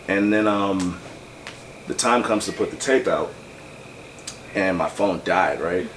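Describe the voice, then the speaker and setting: Deep-voiced man telling a loose story. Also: fairly bright tone, slight background noise. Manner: loose, profane, fast-moving anecdote with many fillers. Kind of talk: casual storytelling. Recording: distant mic with faint room ambience.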